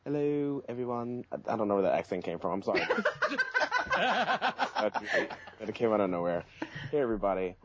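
A goofy man's voice swings wildly up and down as a podcast guest. The line sounds dull and lo-fi, with clear noise. Clicks come through now and then. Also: on the low side, wildly swooping pitch, moderate pace, long pauses. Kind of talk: casual group podcast chat.

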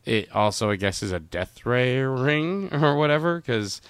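A man's voice: medium pitch, lively intonation, a little slow, smooth, no room sound. A man casually chatting about a movie on a podcast, rambling and joking as he acts out lines. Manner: rambling, jokey, acts out quotes. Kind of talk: casual movie-discussion chat.

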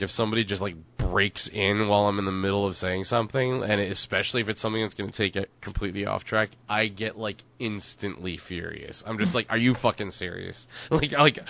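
A young man co-hosting a podcast in casual chat, excitable, laughing often and acting out quotes. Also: on the low side, no room sound. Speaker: podcast co-host.

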